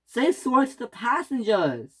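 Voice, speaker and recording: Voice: mid-range voice, sing-song, moderate pace, sharp tone, breathy edge, pitched above the performer's own voice, exaggerated voice, rough recording. A performer voicing a stern railway boss who scolds his engines, in a toy train story. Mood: scolding.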